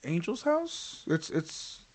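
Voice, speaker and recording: A podcast host tells a story in casual chat, rambling and profane, packing in swearing and fillers like "like" and "um." His voice is a little high and a little mellow, with big pitch swings, and he takes it slowly.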